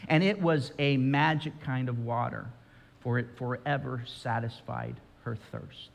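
A man's voice: mid-range voice, unhurried, vocal fry, slight background noise. Male pastor preaching in a reverberant hall. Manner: dramatic storytelling, direct appeals to listeners. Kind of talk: sermon.

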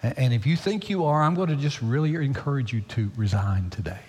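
Husky-voiced preacher in a reverberant hall. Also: male voice, expressive, a little fast. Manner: swings from loud high pleading to hushed near-whispers. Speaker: pastor. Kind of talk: sermon.

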